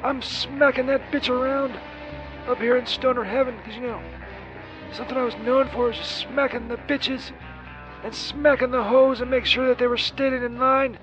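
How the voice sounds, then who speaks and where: A man's voice: very high-pitched, flat delivery, normal speed. A man voicing a crude, hostile impression of an old Scottish film star, his accent slipping between Scottish, Irish and his own as he rambles and insults. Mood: abusive. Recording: muffled voicemail recording with faint music.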